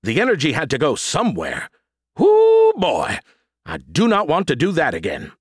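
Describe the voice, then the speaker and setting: A man's voice: medium pitch, wildly swooping pitch, moderate pace, husky, dry recording, studio quality. Man voicing a snarky arrogant alien AI. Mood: weary. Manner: snarky, insulting, theatrical. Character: arrogant sarcastic male alien AI. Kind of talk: audiobook character voice.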